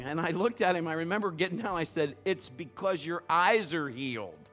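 A male pastor preaching a sermon in a conversational storytelling way, building to loud emphatic bursts. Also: a little high, a little fast, hardly any pauses, soft background music.

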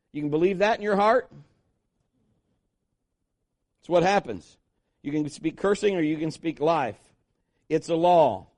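A man's voice: a little high, a little mellow. A man preaching a sermon as pastor, emphatic and repetitive, acting out quoted voices.

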